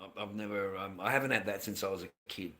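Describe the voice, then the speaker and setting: An Australian man on a live stream, rambling and confrontational, swearing freely and veering from low muttering to loud outbursts. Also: fast talker. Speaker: livestreamer.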